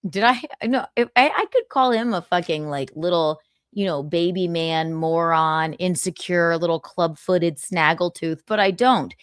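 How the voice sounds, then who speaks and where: A woman's voice: on the low side, unhurried, clear, resonant tone, no echo, clean studio sound. A woman hosting a livestream, arguing heatedly with a guest in a sarcastic, mocking, combative way. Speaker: livestream host.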